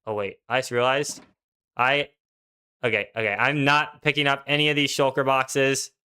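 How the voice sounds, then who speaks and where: With a smooth, bright, forceful voice at medium pitch, a young man streams a video game. He chats casually and uses slang, answering questions from his chat as he plays.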